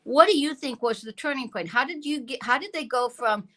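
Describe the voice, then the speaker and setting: A woman interviewer with a bright, forceful tone and a fairly high pitch. She presses her points with repeated phrases and questions. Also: expressive, a little fast, poor audio. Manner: emphatic, repetitive, pressing questions. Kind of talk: conversational interview.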